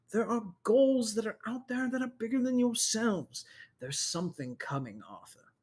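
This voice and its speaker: A game master voicing a mocking, sadistic male villain who taunts the hero in a tabletop game, with a sing-song, sneering delivery. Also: mid-range voice. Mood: taunting. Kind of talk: tabletop role-play.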